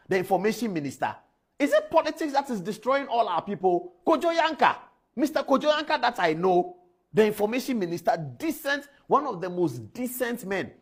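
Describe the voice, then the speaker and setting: A man's voice: high voice, husky. A man with a Ghanaian English accent giving impassioned studio commentary on the news, repeating names and phrases for emphasis.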